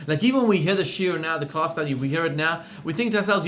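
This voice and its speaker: Animated rabbi telling a story. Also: male voice, a little high, fast, slight background noise. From Zimbabwe. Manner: animated, rising to excited peaks. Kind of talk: storytelling sermon.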